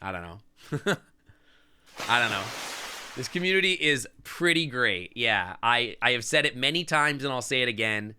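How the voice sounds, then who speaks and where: A man's voice: mid-range voice, lively intonation, moderate pace, pushed and bright, smooth. A man streaming live, chatting casually and sentimentally to his chat, rambling with lots of "like" and "I don't know". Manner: reads and answers chat as he talks.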